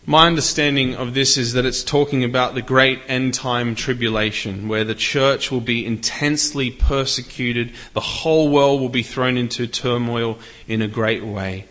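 A man's voice: medium pitch, fairly even intonation, moderate pace, few pauses, pushed and bright. A man preaching a sermon in an earnest way, lifting his voice when he reads scripture. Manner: earnest, rises for scripture readings.

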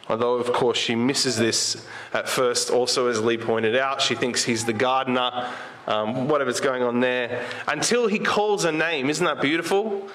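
A man's voice: mid-range voice, steady tone, a bit bright, slight background noise. Conversational male preacher with a medium voice. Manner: conversational, asks the congregation rhetorical questions; slows down and lifts his voice when quoting Jesus. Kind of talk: sermon.

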